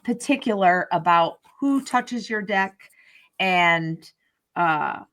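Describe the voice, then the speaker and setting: Rambling woman with a low voice. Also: expressive, slow pace, fairly bright tone. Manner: rambling, many fillers and restarts; explains tarot practice from experience. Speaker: podcast co-host. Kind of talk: casual chat.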